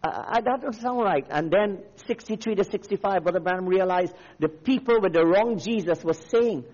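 A man's voice: sits high, moderate pace, few pauses, darkish tone, big-room sound, dull audio. A man from Namibia preaching a fiery, declamatory sermon as a visiting preacher. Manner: fiery, declamatory, rising and falling.

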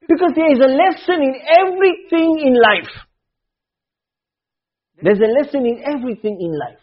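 A man's voice: extremely high pitch, normal speed, long pauses, dull audio. A man preaching a sermon, emphatic, repeating key phrases and dropping to near murmurs.

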